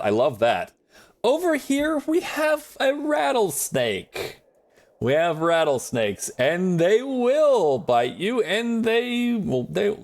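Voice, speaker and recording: Rambling man streaming a game. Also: medium pitch. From United States. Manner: rambling, animated, reads and answers chat aloud. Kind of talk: casual live-stream chat while gaming.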